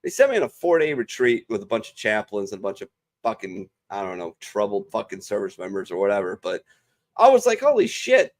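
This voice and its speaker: A young adult man, a veteran panelist on a video call, telling stories in a casual, profane and animated way. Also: lowish voice, fast talker. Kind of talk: casual storytelling chat.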